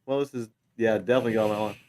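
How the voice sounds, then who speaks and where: A man's voice: on the low side, steady tone, racing, a little mellow, far from the mic, a little hiss or hum. A man hosting a casual stream chat, easygoing and teasing, wrapping up the show. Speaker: host.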